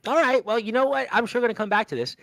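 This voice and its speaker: A man's voice: extremely high pitch, fast, vocal fry, a bit bright, no room sound. A man from Brooklyn, hosting a casual radio interview and reading out listener comments in a rambling, filler-heavy way. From Brooklyn, New York. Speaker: radio show host.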